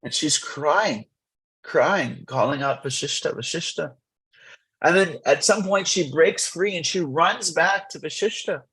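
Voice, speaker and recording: Brief: husky male class teacher, animated storyteller who rambles and restarts. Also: on the high side, a little slow, poor audio. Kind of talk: lively storytelling scripture class. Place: temple.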